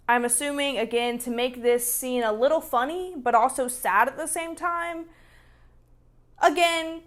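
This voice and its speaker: A woman's voice: a little high, fairly bright tone. A woman ranting about a book and its film in a casual vlog, emphatic and freely profane. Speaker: book reviewer. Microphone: camera mic.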